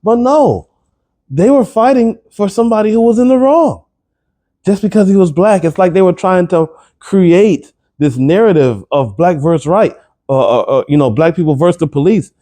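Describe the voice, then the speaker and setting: A man delivers a commentary monologue to his viewers, pressing his points with incredulous rhetorical questions. His voice sits slightly high for a man, yet it sounds mellow and warm rather than bright. He often doubles back on his words when he gets heated. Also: animated, normal speed. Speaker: commentary vlogger. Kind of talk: opinion commentary to camera.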